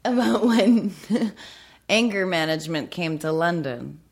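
A woman's voice: on the low side, lively intonation, a little slow. A woman on a podcast hesitantly prompting another guest to tell a story. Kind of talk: casual podcast chat.

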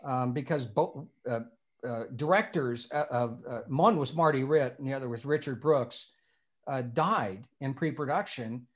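A man's voice: mid-range voice, unhurried. An older man from Indiana, a screenwriter telling a long anecdote in an interview, meandering and repeating words as he restarts. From Indiana, USA. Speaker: screenwriter guest.

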